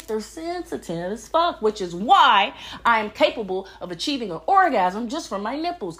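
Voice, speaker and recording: A young woman talking straight into her own podcast, blunt and full of swearing. Her voice leaps up high when she is outraged and drops low and quiet when she is dismissive, so her pitch swings widely. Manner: blunt, profane, animated storytelling with big pitch swings. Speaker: podcast host. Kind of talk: casual solo podcast rant.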